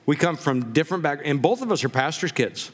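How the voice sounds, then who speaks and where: High-voiced pastor in a reverberant hall. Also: male voice, expressive, a little fast, slightly rough. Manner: conversational storytelling with jokes. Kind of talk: humorous sermon. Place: church sanctuary.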